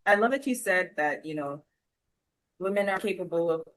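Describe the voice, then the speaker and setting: A woman's voice: fairly low pitch, animated, normal speed, fairly bright tone, rough recording. A woman hosting a podcast, chatting casually, affirming her guest and sharing personal stories. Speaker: podcast host. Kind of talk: casual conversational talk.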